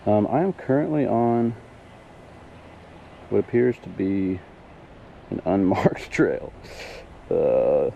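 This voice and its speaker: A man's voice: lowish voice, slow pace, vocal fry, long pauses, phone-quality sound, a little hiss or hum. A man live-streaming a hike on an outdoor trail, chatting with viewers and thinking aloud in a casual, self-deprecating way. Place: outdoor hiking trail in a wooded valley.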